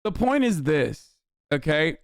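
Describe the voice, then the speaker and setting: A man's voice: a little high, big pitch swings, slow, gravelly, smooth, dry recording, clean studio sound. A man streaming a heated reaction rant, swearing freely and mocking his critics with sarcasm. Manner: profane, sarcastic, exasperated. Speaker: streamer reacting to clips and chat.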